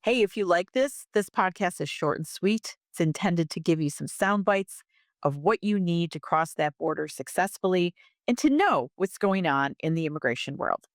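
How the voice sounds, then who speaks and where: A woman's voice: moderate pace, no echo, clean studio sound. Emphatic woman hosting a podcast. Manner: emphatic, punchy straight talk with lively pitch swings. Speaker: podcast host, immigration lawyer. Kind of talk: direct podcast monologue.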